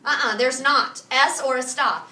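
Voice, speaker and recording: A woman teaching a Spanish review lesson to a high school class, firing questions and having students repeat after her. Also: moderate pace, sharp tone, slight background noise. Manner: drills students with call-and-response questions. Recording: echoey classroom from far off.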